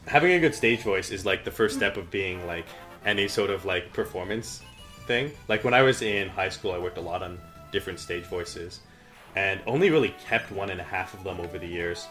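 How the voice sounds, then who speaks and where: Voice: low voice, expressive, a little fast, fairly bright tone. Laid-back co-host voice over game music. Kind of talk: casual let's-play chat.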